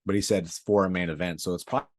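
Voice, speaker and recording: A man's voice: low-pitched, steady tone, very fast. A man co-hosting a fight-sports podcast, talking loosely with plenty of swearing and "dude.". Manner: loose, profane, says dude a lot. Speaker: podcast co-host. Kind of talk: casual sports chat.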